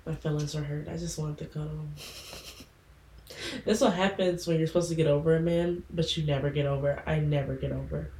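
A young woman co-hosting a podcast, blunt and profane in her casual talk. Her voice is on the lower side, in an echoey room with faint background hiss. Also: steady tone, a little fast, dark tone. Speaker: podcast co-host. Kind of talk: casual chat.

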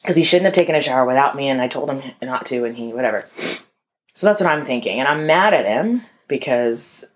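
A woman's voice: extremely low pitch, lively intonation, a little fast. A young adult woman telling a personal story in a candid, conversational way, full of "like" and calling listeners y'all. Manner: candid, conversational, frequent "like" fillers.

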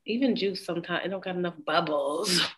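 A woman's voice: fairly low pitch, fast. A woman co-hosting a podcast in casual, playful chat, laughing often. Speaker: podcast co-host.

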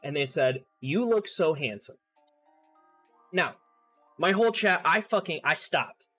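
A man's voice: on the high side, animated, a little slow, pushed and bright, soft background music. A young man chatting casually as a streamer and podcast host, laughing often, swearing and trailing off mid-sentence. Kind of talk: casual chat.

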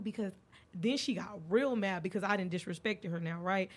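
A husky, mid-range voice moves at a brisk clip as a young adult woman hosts her podcast. Her storytelling is candid and casual, growing animated as she acts out quotes.

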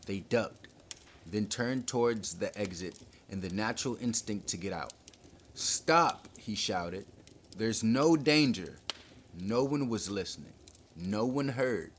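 Guy reading a thriller chapter aloud, low voice, kinda dramatic. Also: slight background noise. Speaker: podcast host reading a book. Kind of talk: audiobook-style narration.

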